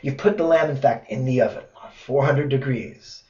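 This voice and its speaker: A man's voice: medium pitch, normal speed. A male tutor gives a video lesson and spins silly little stories to make a point. His voice sits in the middle range and sounds a bit roomy. The recording is muffled and lo-fi. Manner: playful storytelling, animated asides. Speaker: test prep tutor.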